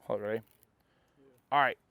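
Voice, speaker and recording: A man's voice: moderate pace, background noise. A young man hosting a fishing vlog, talking casually to the camera in an easygoing, rambling way. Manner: easygoing, rambling, many fillers. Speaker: professional bass angler and vlog host.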